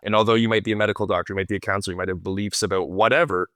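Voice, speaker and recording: A man's voice: on the low side, fairly even intonation, rapid-fire, fairly bright tone, no echo, clean studio sound. A man with a Canadian accent, a podcast guest explaining his views earnestly and often checking in with "right?". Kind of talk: casual interview talk.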